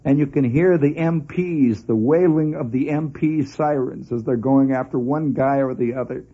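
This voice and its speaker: Man, radio storyteller, animated, conversational, husky voice, muffled old radio sound. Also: mid-range voice, normal speed. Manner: animated and conversational, laughing through the telling. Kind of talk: spoken storytelling monologue. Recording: dull lo-fi old radio recording.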